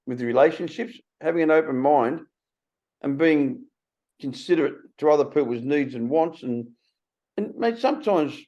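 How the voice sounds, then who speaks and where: An Australian man in his sixties hosting a casual conversation, blunt and animated, swearing freely. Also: on the high side. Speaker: podcast host. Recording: slightly muffled recording.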